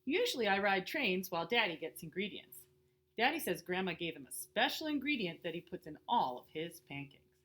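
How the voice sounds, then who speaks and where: A woman reading a children's picture book aloud in a slow, lilting way. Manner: slow and lilting, lively pitch with playful character voices. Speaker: storybook reader.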